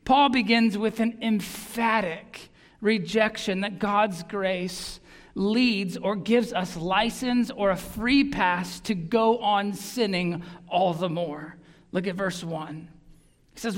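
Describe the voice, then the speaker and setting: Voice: mid-range voice, takes it slowly. A pastor preaching a sermon in an earnest, emphatic way, often repeating words for stress. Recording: long reverb of a large hall.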